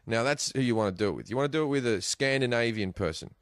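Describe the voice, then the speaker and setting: A man's voice: medium pitch, quick pace, no room sound. Crude joking Australian man. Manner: animated, crude jokey storytelling. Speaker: guest comedian. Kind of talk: casual podcast chat, storytelling.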